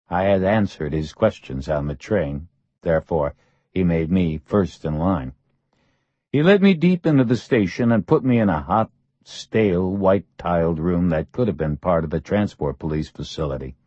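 Low voiced guy reading an audiobook, matter of fact, dead dry sound. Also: expressive, moderate pace, dark tone, dry recording, highs cut off. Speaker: audiobook narrator. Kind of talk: first-person audiobook narration.

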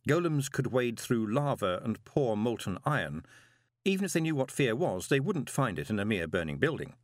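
A man narrates a novel in a low voice with lively, swooping intonation. His reading is dramatic and expressive, lingering on pauses for effect. The recording is dry and close, like a small studio booth. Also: no room sound. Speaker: audiobook narrator. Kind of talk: scripted narration.

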